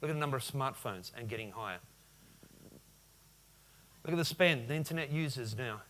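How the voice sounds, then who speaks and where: A man in his forties delivers a business keynote in a conference hall, talking straight to the audience and peppering them with questions. His voice sits at an ordinary middle pitch for a man. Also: normal speed. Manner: lively, addresses audience with questions. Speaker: conference speaker.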